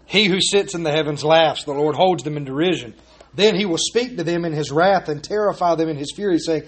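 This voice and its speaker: A man's voice: fairly high pitch, fairly quick. A man preaching a sermon as pastor, earnest and emphatic, stressing his points and asking rhetorical questions.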